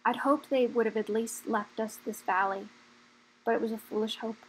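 A woman voicing an old, weary male dragon leader in a storybook reading, speaking slowly and gravely. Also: fairly high pitch, steady tone, slight background noise, lightly acted, rough recording. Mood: solemn.

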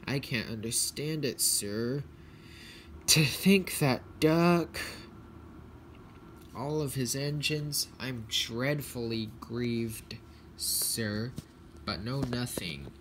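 A sly male engine spins his lies in an oily, confiding voice, as a man reads him. The pace is slow and a faint hiss sits under the homemade recording. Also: medium pitch, lively intonation, fairly bright tone. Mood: falsely sorry. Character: sly scheming engine, male, smooth liar.

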